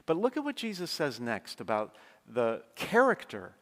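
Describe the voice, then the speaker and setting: Priest giving a sermon, mid-pitched man, conversational and emphatic, church echo. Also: wildly swooping pitch, normal speed. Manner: conversational preaching, emphatic, speeds up when stressing points. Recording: long church reverb.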